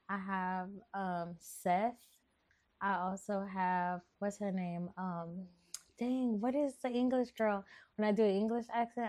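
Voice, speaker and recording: A woman's voice: medium pitch, mellow. A woman from New Orleans who grew up in Texas, hosting a podcast in a chatty, rambling, playful way. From New Orleans, raised in Texas. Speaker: podcast host. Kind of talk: casual chat.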